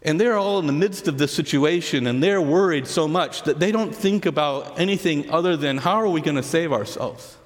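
A man preaching a sermon, telling the story earnestly and dropping to soft, hushed words on key lines. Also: a little high, moderate pace, few pauses. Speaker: pastor. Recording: long hall reverb.

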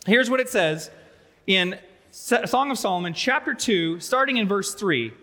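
A man in his thirties preaching a sermon, telling stories with humor and animated emphasis. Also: high voice, unhurried, big-room sound. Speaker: pastor. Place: large church sanctuary.

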